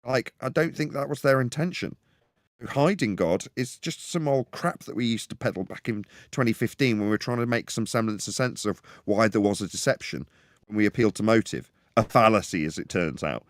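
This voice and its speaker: A man's voice: medium pitch, lively intonation, fairly quick, no echo. This is a man speaking on a live-stream panel, with a mid-range voice and a close, dry sound. He argues his point in long, rambling sentences and often stops and restarts.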